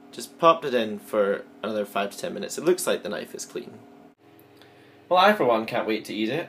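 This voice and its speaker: A man's voice: mid-range voice, a little hiss or hum. A man chatting through a home-baking vlog, upbeat and self-mocking as he works in his kitchen. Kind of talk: casual baking vlog chat.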